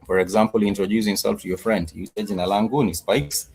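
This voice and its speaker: A man teaching a live-streamed language lesson, patient and repetitive, with many pauses and "uh" fillers. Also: lowish voice, fairly even intonation, gravelly, darkish tone, low-quality recording. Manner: patient, repetitive, says "uh" often. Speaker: Swahili teacher.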